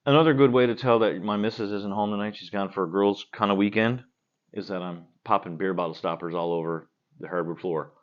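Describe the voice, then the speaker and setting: A man's voice: lowish voice, steady tone, fairly quick, dull audio. A man who plays guitar in a cover band, talking bluntly and with plenty of swearing while he drinks beer at home. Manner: blunt and profane, talks in a loose rambling way. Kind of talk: casual vlog answering viewer questions. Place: at home, indoors.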